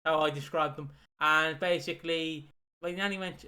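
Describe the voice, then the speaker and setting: Fast-talking young Irish man, bright high voice. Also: fairly even intonation. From Ireland. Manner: fast-talking, sweary, laughs while telling stories. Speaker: podcast co-host. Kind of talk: casual podcast chat.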